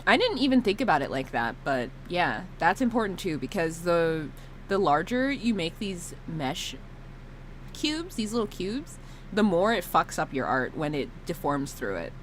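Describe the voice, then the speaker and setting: A woman streamer chatting casually during a live stream, animated and laughing often, with mock sobbing and some swearing. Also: fairly low pitch, a little slow, slight background noise.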